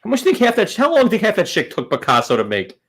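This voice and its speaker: A man's voice: sits high, wildly swooping pitch, very fast, a bit bright, breathy edge. A man co-hosting a podcast, reacting and joking in casual chat. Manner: chimes in with short reactions and quips. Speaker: podcast co-host.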